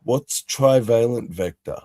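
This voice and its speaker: A man's voice: mid-range voice, expressive, takes it slowly, warm tone, no echo, studio quality. A man hosting a casual live-stream chat, loose and profane, laughing easily.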